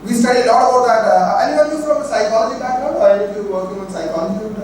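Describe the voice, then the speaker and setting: A man's voice: extremely high pitch, rapid-fire, noisy background. A man with a Bengali Indian English accent gives a workshop lecture, stressing key points with many fillers and repeated phrases. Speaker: workshop instructor. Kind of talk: classroom lecture. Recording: echoey hall, mic far off.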